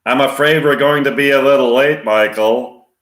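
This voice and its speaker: A man's voice: medium pitch, normal speed, fairly bright tone, roomy sound, voice pushed up, natural voice. A man doing a mechanical talking car computer. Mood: polite.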